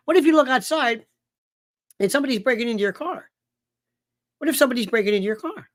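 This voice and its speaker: A man's voice: extremely high pitch, animated, fast, long pauses, fairly bright tone, no room sound, studio quality. Exasperated man firing rhetorical questions. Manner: exasperated, fires off rhetorical questions, repeats himself. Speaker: host of a political commentary show. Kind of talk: animated political monologue.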